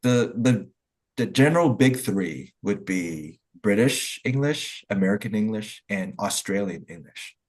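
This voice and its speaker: Husky, low-voiced man hosting a call. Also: measured pace. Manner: relaxed, hesitant, many fillers and restarts. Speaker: host of an online English conversation club. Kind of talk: casual group video call chat.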